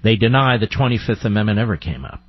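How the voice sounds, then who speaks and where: A man's voice: on the low side, animated, quick pace, lo-fi sound. A male radio talk show host giving combative, sarcastic commentary, firing off rhetorical questions. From United States.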